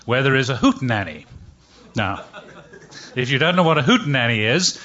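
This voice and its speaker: A man telling a personal story live on stage, chatty and halting with many pauses. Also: mid-range voice, bright, forceful tone, muffled recording. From England. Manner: chatty, hesitant with many ums.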